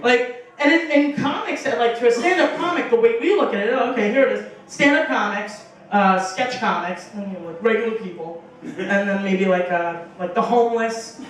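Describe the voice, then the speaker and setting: Fairly high-pitched and speaking at a moderate pace, a young woman does a rambling, profane comedy set on a small bar stage, full of fillers and acted-out lines from other people. It's picked up from afar in an echoey bar, with slight background noise.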